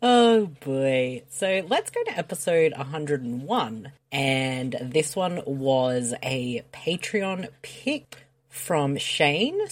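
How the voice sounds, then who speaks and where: A woman co-hosting a movie commentary podcast, joking and brash in casual chat. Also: extremely low pitch. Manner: joking, brash, upbeat host. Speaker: podcast co-host.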